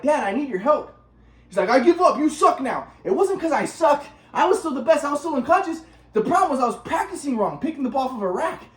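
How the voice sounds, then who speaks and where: Man, casual vlog monologue, rambling with restarts, quick delivery, roomy echo. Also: very high voice, darkish tone. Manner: rambling, restarts, acting out moves. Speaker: vlogger.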